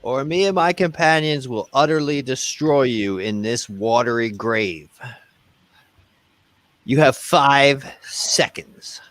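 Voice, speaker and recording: Male player, mid-pitched, theatrical threats in character, dry recording. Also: slow, a bit bright, no echo. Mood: menacing. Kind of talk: in-character tabletop play.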